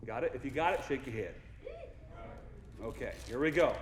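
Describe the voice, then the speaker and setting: A man's voice: mid-range voice, animated, moderate pace. A young man giving a playful keynote to a large audience, joking and getting the crowd to join in. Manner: goofy, playful, engages the crowd. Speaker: keynote speaker. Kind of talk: motivational keynote speech. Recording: echoey hall from far off.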